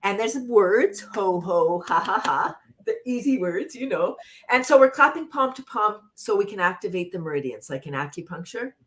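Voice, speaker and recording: A woman's voice: medium pitch, lively intonation, normal speed, fairly bright tone, slight background noise. A woman guest leading laughter yoga exercises on a talk show, bubbly, laughing often and chanting and cheering along.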